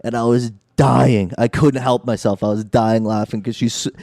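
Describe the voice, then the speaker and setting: Mellow-voiced comedian guest telling stories. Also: male voice, mid-range voice, moderate pace, gravelly, no echo, clean studio sound. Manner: animated storyteller, says "dude" a lot, laughs often. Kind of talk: casual storytelling chat.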